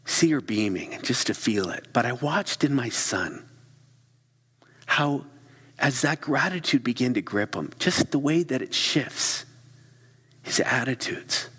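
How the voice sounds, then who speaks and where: A middle-aged man preaching a sermon, telling stories with animated delivery and dropping into quiet whispered asides. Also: medium pitch, a little slow, slightly rough. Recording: long reverb of a large hall.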